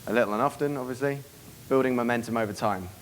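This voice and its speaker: Fast-talking brash man coaching a crowd. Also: medium pitch, slight background noise. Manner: brash, profane, acts out quoted dialogue. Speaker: dating coach giving a seminar. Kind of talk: live seminar talk to an audience.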